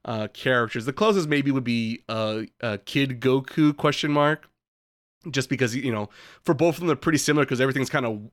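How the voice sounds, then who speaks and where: Smooth-voiced man rambling on a podcast. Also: mid-range voice, fairly quick, dry recording, studio quality. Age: adult who calls himself old. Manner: rambling, joking, profane. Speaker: podcast co-host. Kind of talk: casual chat.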